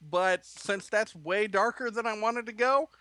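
A man's voice: high voice, measured pace, bright, forceful tone, no room sound. A man co-hosting a writing podcast who chats casually and reads a comic short story aloud, laughing often. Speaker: podcast co-host and writer. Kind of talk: casual chat and story reading.

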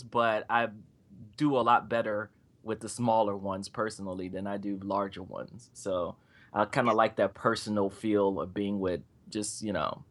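A man's voice: fairly low pitch, fairly bright tone. A man talking on a comics panel, hesitant and repeating his words. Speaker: comic creator. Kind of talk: casual panel chat.

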